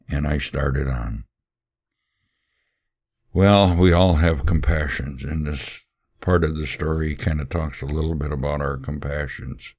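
Very deep, gravelly male storyteller. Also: fairly even intonation, darkish tone, no room sound, clean studio sound. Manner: earnest, unhurried, with occasional fillers. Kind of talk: first-person story reading with sermon-like asides.

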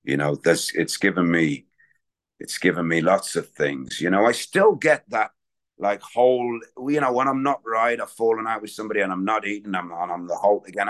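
At a recovery meeting, a man shares his own story candidly and in a rambling way. His voice is lowish with a fairly bright tone.

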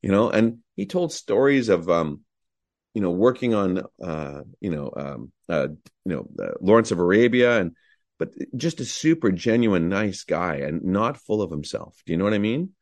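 A man's voice: low voice, sing-song, normal speed, a little mellow. A middle-aged male actor, a guest, telling enthusiastic, rambling anecdotes full of fillers. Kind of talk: anecdotal storytelling.

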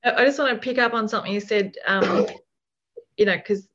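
A woman's voice: mid-range voice, moderate pace, a bit bright. A woman musing in a casual conversation, thinking aloud with lots of fillers and restarts. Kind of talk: reflective casual chat. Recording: dull lo-fi recording.

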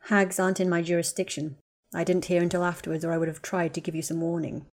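A woman's voice: on the low side, level tone, quick pace, darkish tone, close to an everyday voice. A woman reading the lines of a guarded, bitter young wizard man in a storybook, speaking in terse, clipped lines. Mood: cold, curt.

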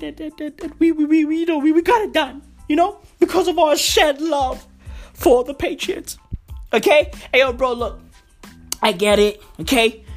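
A man ranting excitedly to camera about football, swearing constantly and stumbling over repeated words. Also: extremely high pitch. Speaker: vlogger and football fan. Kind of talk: casual profane rant to camera.

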